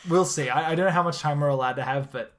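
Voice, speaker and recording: An eager podcast host who talks in a rush of enthusiasm. They stumble over the starts of sentences, repeat words, and keep piling on sidebars, all at a mid-range pitch for their voice type. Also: fast. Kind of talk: casual podcast chat.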